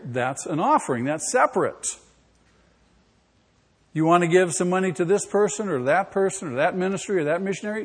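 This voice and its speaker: A man's voice: fairly high pitch, breathy edge. A male pastor preaching an emphatic sermon in a church, putting questions to the congregation. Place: church sanctuary. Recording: long hall reverb.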